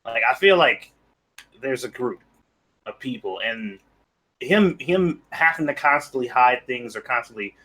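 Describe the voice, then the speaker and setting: Man, husky voice, sharp tone, co-host, rambling casual opinions. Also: medium pitch, animated, measured pace. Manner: rambling opinions, frequent "like" fillers. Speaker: podcast co-host. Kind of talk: casual chat.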